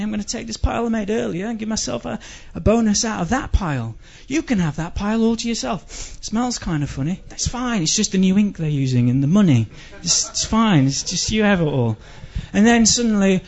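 Brief: male stand-up, high voice, rambling and stammering, muffled lo-fi live recording. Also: expressive, fairly quick, vocal fry, hardly any pauses, a little mellow. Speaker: stand-up comedian. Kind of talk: stand-up comedy.

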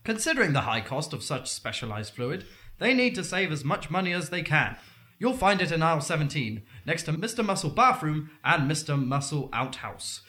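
A man's voice: fairly high pitch, very animated, moderate pace, pushed and bright. A man hosting a comedic mock game show in a playful way, often laughing between lines as he reads out the rules.

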